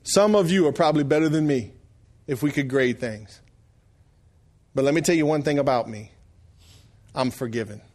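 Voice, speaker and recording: A middle-aged man preaching a sermon, telling stories that swing from quiet, hushed lines to loud shouted outbursts. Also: on the high side, normal speed, long pauses. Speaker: pastor.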